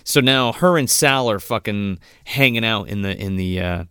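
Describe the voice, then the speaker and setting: A man's voice: on the low side, normal speed, bright, forceful tone, clear, resonant tone, no room sound. Male co-host, casual, swears a lot, laughs easily, dry close mic. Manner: loose, profane, laughs often. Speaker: podcast co-host. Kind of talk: casual movie discussion.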